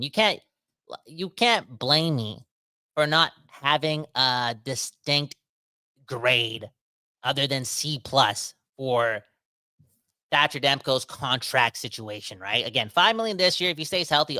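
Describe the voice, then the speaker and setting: A man hosting a casual sports podcast, talking in a rambling, animated way that keeps interrupting itself. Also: mid-range voice, no room sound. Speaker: podcast host.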